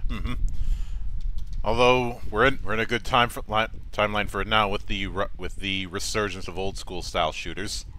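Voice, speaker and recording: A man hosting a casual interview, jokey and self-deprecating, often halting and restarting his words. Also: on the low side, fairly even intonation, pushed and bright, a little hiss or hum. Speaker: interviewer and channel host.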